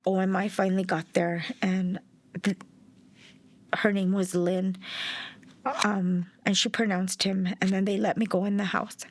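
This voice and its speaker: A woman's voice: medium pitch, level tone, a little slow, long pauses, no room sound. Middle-aged mother, documentary interviewee; direct, blunt, speaks her mind. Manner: blunt and outspoken. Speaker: bereaved mother.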